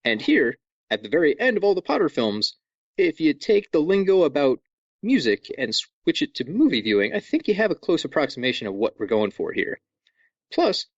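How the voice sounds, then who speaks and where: A man hosting a casual podcast, chatty and playful, fond of over-explaining. His pitch bounces around a lot as he talks. The close mic sounds dry and a little muffled. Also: no echo. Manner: jokey, animated, over-explaining. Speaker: podcast host.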